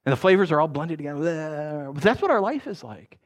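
A pastor with a voice on the high side talks a little fast through his church sermon. He's a playful, animated storyteller who keeps asking the congregation questions.

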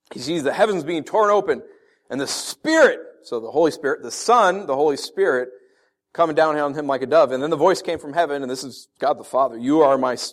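A pastor preaching a casual, earnest sermon, often pausing with fillers. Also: male voice, mid-range voice. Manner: conversational, filler-heavy, earnest.

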